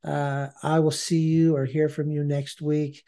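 A man's voice: fairly high pitch, flat delivery, unhurried. A man hosting a faith podcast, closing the show in a casual way with many fillers. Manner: warm-hearted, many "uh" fillers. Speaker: podcast host.

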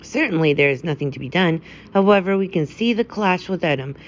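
A woman's voice: lowish voice, animated, a little fast, lo-fi sound, a little hiss or hum, natural voice. A woman reading as a pompous old general. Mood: imperious.

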